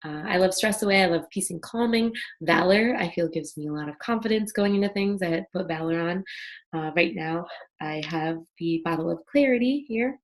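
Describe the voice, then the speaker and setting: Hosting an online wellness workshop over a video call, a woman speaks at normal speed in a voice on the low side. She's friendly and chatty as she guides listeners through a breathing exercise.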